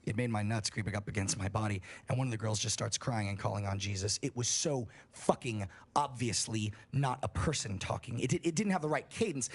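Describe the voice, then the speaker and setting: A man's voice: medium pitch, husky. A man on a livestream telling a scary story in a casual, profane way, building suspense. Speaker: streamer.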